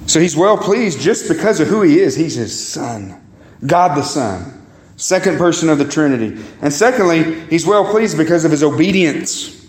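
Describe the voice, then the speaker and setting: An animated pastor with a darkish tone preaches at a moderate pace, his voice echoing through the church sanctuary. He's emphatic, repeats words, swings his pitch high and low, and calls the congregation "guys" and "beloved".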